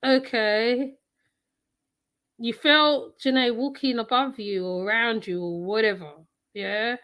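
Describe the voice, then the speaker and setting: A woman's voice: a little high, steady tone, slow, fairly bright tone. A woman giving casual commentary in a teasing, mocking manner.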